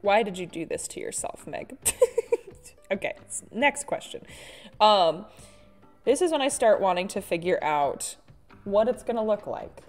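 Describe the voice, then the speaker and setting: A woman's voice: mid-range voice, expressive, unhurried, pauses often, darkish tone, soft background music. Chatty self-mocking woman artist streaming. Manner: chatty, self-mocking, with frequent laughs and sighs. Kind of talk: casual live-stream chat while drawing.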